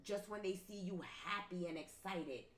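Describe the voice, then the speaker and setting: A woman's voice: medium pitch, normal speed. A woman reading tarot for her viewers, talking emphatically and repeating herself like a preacher. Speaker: tarot reader. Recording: roomy with faint ambient noise.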